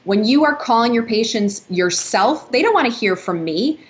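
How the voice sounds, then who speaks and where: A woman's voice: on the high side, lively intonation. Upbeat woman guest on a dull line. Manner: enthusiastic, quick to agree. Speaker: dental consultant guest. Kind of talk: casual interview chat.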